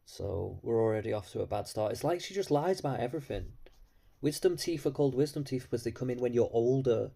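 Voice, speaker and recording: A man's voice: mid-range voice, animated, fast talker, vocal fry, mellow. A man giving blunt, mocking, profane commentary on video clips. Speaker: commentary host.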